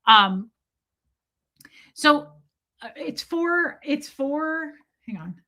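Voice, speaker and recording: Woman livestreaming, kinda high bright voice, cusses a lot, roasts herself. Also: lively intonation, extremely slow. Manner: blunt, profane, self-mocking. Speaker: livestream host. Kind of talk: casual chat.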